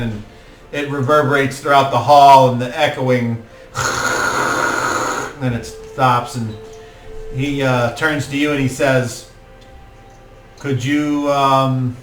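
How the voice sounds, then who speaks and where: A man narrating a tabletop game as game master, unhurried and halting, with many fillers. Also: medium pitch. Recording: roomy, distant mic, faint music.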